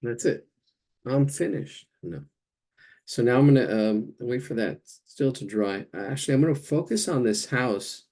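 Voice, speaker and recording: Gravelly-voiced man teaching painting. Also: medium pitch, animated, normal speed, darkish tone. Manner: thinks aloud while painting, searching for words. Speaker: art instructor. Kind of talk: live painting demonstration.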